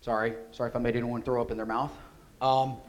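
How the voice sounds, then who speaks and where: A man giving a security conference talk, energetic and conversational, often asking rhetorical questions. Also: mid-range voice, quick pace. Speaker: conference speaker. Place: conference hall.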